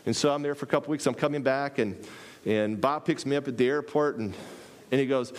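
Animated man preaching a sermon. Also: fairly quick. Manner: animated, acts out dialogue with pitch jumps; repeats phrases for emphasis.

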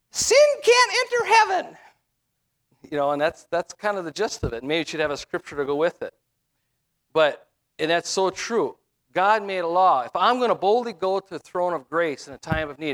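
A man's voice: fairly high pitch, a bit bright. A middle-aged man giving a conversational sermon as a minister, with frequent fillers and restarts.

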